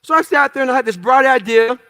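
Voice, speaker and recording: A motivational speaker tells an audience stories from his own life, bluntly and with profanity, acting out the voices of other people in them. His voice is very high-pitched, fast, pushed and bright.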